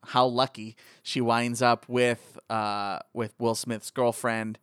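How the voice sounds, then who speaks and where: A man's voice: mid-range voice, level tone, slow pace, a bit bright, clean tone, no echo, clean studio sound. Rambling playful podcast host man. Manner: rambling, playful, quotes movie lines. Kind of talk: casual movie chat.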